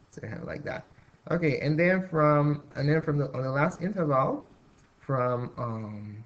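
A man teaching a calculus lesson at a whiteboard, thinking aloud with restarts and fillers. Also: fairly high pitch. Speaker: math teacher. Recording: dull lo-fi recording.

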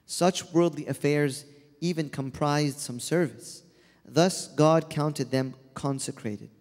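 A gentle, patient angel lays out his reasoning calmly, as a man reads his part. The voice is a touch high and carries a long reverb, as in a large hall. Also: takes it slowly.

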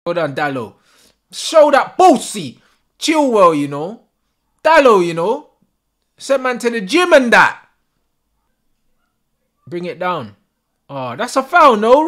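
A young man reacts live to a football match, his voice swinging widely up and down as he groans and rants. He swears freely, packs his talk with street slang and yells at the referee. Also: high voice, very animated, takes it slowly, pauses often. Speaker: football fan streamer. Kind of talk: live watch-along commentary.

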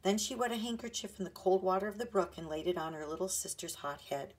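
A woman narrating a children's chapter book in a gentle, read-aloud manner. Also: fairly low pitch, quick pace. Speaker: audiobook narrator. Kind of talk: storybook narration.

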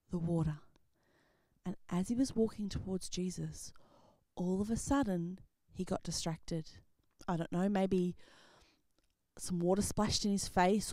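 A woman telling a Bible story to children, very expressive, dropping to whispers and rising to loud exclamations. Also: on the low side, no echo. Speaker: children's ministry presenter. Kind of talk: animated Bible storytelling for kids.

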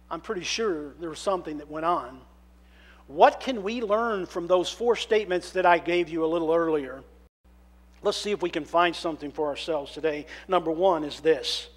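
A man preaching a sermon as minister in a church, reading scripture aloud and telling the story with dramatic shifts from hushed to loud. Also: high voice. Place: church sanctuary.

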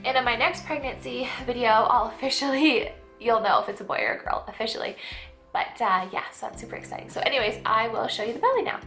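A woman's voice: fairly high pitch, quick pace, vocal fry, fairly bright tone, soft background music. A young woman vlogging in a casual chat to camera, stuffy and out of breath, talking with lots of fillers. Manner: chatty, many fillers and likes.

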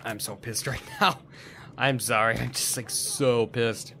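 A man's voice: medium pitch, steady tone, a little slow, fairly bright tone, a little hiss or hum. A young man giving gameplay commentary, frustrated and swearing as he mutters to himself. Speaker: gaming video host.

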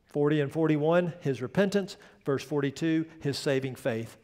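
A male pastor delivers a sermon with a high, lifting voice, pressing hard on key words. He builds to loud, ringing peaks and then falls to a near hush. His voice trails off in the long reverb of a large church hall. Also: normal speed. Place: church sanctuary.

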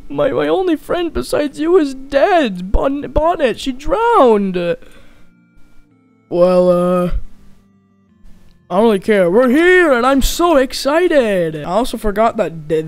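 A performer voicing every character in a comedic animated skit, switching between goofy character voices. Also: mid-range voice, dry recording. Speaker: voice actor for all characters. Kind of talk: comedic machinima voice acting.

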